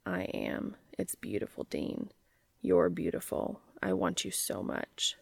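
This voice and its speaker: A woman voicing a shy, earnest adult man in love, speaking in soft breathy whispers in an amateur audiobook reading. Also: on the low side, big pitch swings, slow, no echo, full character voice. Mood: tender.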